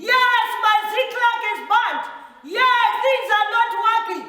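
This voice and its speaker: A woman pastor with a Kenyan accent preaching a sermon, often shouting and leading call-and-response. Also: extremely high pitch, unhurried. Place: large hall. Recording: echoey hall.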